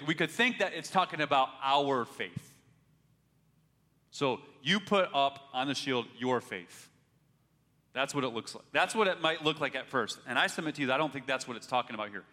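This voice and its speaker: A man's voice: fairly high pitch, bright, forceful tone. A man preaching a sermon in an earnest way, pressing harder when he urges and often restarting his words. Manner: earnest preaching, rising in force when urging, with repeated restarts. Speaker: pastor. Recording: long hall reverb.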